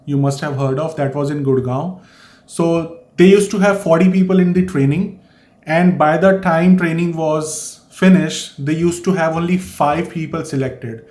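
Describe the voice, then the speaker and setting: A man's voice: a little high, a little mellow. A man from India with an Indian accent, giving earnest, explanatory advice in a vlog and repeating his key points. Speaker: vlogger. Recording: echoey room.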